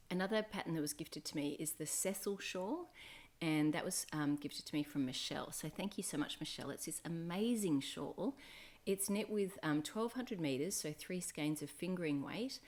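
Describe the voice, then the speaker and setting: A woman's voice: deep voice, a little mellow. A woman hosting a knitting podcast, chatting casually to camera in a meandering way that keeps correcting itself and drifting off track.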